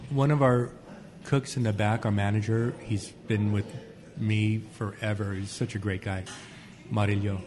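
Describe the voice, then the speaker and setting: A man's voice: on the low side, steady tone, normal speed. A man who runs a restaurant, chatting casually and easily about his menu. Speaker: restaurant owner. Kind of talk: casual chat. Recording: long reverb with crowd noise.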